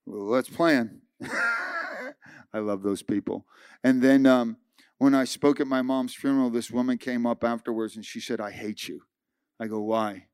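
Man preaching animated testimony, dry sound. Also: medium pitch, normal speed, clean tone, no room sound. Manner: animated storytelling, acting out dialogue. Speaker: pastor. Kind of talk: sermon testimony.

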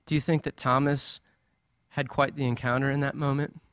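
A man preaching a sermon in a conversational, animated way with playful asides. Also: medium pitch, normal speed, clear, resonant tone, no echo, clean studio sound. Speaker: pastor.

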